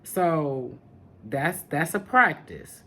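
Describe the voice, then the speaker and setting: A woman's voice: low voice, very animated, very slow, fairly bright tone. A woman hosting a spiritual podcast in casual talk to camera, sassy and familiar, calling listeners honey and baby. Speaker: podcast host, spiritual teacher.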